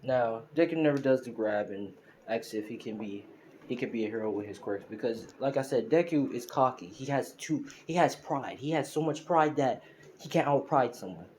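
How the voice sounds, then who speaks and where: Man, fan story narration, rambling, filler-heavy, mid pitch, mellow tone. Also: expressive, moderate pace, slight background noise.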